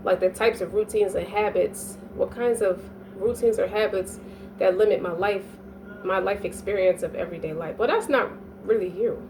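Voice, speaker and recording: A woman's voice: mid-range voice, normal speed. Brief: woman reader, blunt and profane, talks from a distance from the mic over light room noise. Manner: profane, emphatic, keeps asking "you dig?". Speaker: astrology reader. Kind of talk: casual monologue reading.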